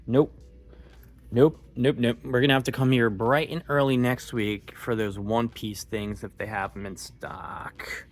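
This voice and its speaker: A man's voice: mid-range voice, measured pace. Chatty Philly guy browsing store aisles. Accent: Philadelphia. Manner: chatty, excitable, slangy. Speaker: vlog host. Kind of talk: casual walk-through vlog.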